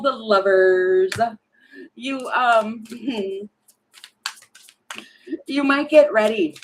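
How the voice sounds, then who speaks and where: A woman with a fairly high voice talks slowly through a tarot spread, musing aloud and laughing now and then. Her delivery is loose and unscripted, with faint noise behind her. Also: poor audio. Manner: chatty, thinking aloud, sings snatches, laughs often. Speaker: tarot reader. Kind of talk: casual tarot reading.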